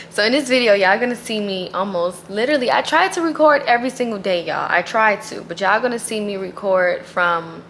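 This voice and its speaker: A woman's voice: mid-range voice, a little fast, hardly any pauses, a bit bright, a little hiss or hum. A woman vlogger talking casually and earnestly about her faith, emphatic and full of "like.". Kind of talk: casual faith vlog talk.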